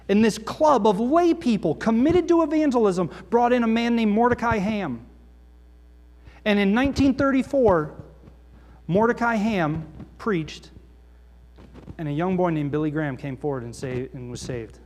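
A middle-aged male pastor preaching a passionate, emphatic sermon in a church, swinging between forceful urging and quiet intensity. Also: high voice, lively intonation, moderate pace. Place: church sanctuary. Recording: reverberant church hall.

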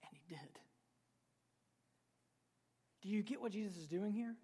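A man's voice: sits high, unhurried, mellow, breathy edge. A man preaching a sermon to a live congregation in a church, conversational and joking, with sudden emphatic bursts. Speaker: pastor. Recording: long reverb of a large hall.

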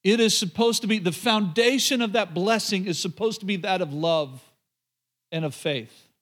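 A man preaching a sermon to a live congregation, lively and joking, with quick asides to the room. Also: high voice. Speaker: pastor. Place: church before a live congregation.

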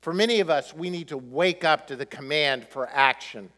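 A male pastor preaching a sermon, animated, throwing rhetorical questions at the congregation. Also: on the high side, moderate pace, big-room sound.

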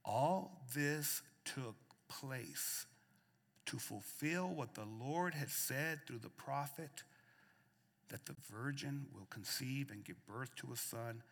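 A man preaching a sermon, shifting between soft hushed lines and raised emphatic ones, repeating phrases for emphasis, in a church. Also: medium pitch, slow pace, vocal fry. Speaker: pastor. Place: church sanctuary. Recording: long reverb of a church hall.

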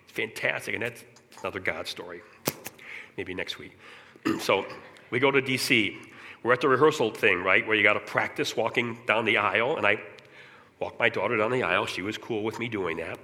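A middle-aged man giving an earnest personal testimony in church, often clearing his throat as he talks. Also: fairly low pitch, normal speed, sharp tone. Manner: earnest, candid storytelling. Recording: long reverb of a large hall.

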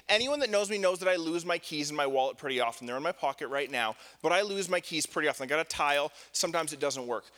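Man preaching, high voice, bright and forceful, conversational with lots of likes, joking at himself, long hall echo. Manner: conversational storytelling with many fillers; self-deprecating and joking. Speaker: pastor. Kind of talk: sermon.

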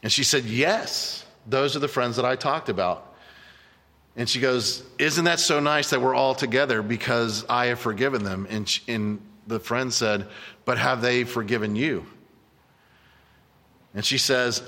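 A man's voice: mid-range voice, a little slow, sharp tone, big-room sound. A man preaching a sermon as a pastor, telling a story earnestly and emphatically to his congregation. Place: church sanctuary.

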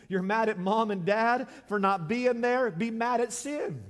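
A man preaching a sermon, swinging from loud shouts to quiet pleading. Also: sits high, a little slow, few pauses, big-room sound. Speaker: pastor.

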